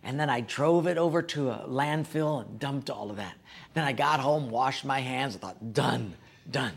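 A man's voice: mid-range voice, moderate pace, vocal fry. A middle-aged male pastor preaching a sermon, telling a personal story with folksy, self-deprecating humor.

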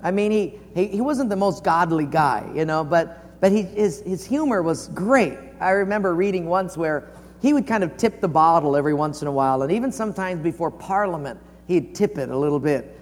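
A man preaching a sermon in a folksy storytelling way, acting out the quotes with big swings in pitch and loudness. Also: expressive, a little fast, big-room sound. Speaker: pastor.

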